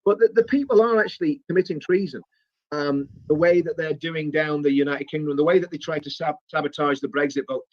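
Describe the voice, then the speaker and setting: A man's voice: on the high side, brisk. Indignant man on a dull lo-fi clip. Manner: indignant, stumbling repetitions. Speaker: political commentator in a played clip. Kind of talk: political monologue.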